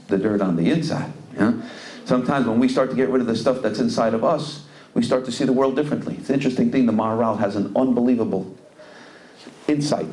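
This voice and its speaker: In a fairly low, darkish voice, a middle-aged rabbi delivers a Torah lecture full of stories in a community center event hall. He weaves Hebrew and Yiddish terms into English, repeating words while he searches for a phrase.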